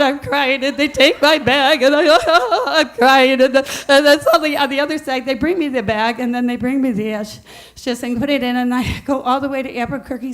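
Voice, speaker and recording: A middle-aged woman telling a personal story to an audience, animated and laughing as she goes, acting out what others said. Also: high voice.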